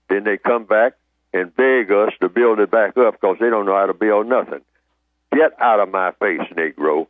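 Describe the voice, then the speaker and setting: A man speaking as the guest on a live radio talk show, telling blunt, drawn-out stories with street slang. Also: on the low side, dry recording, phone-quality sound.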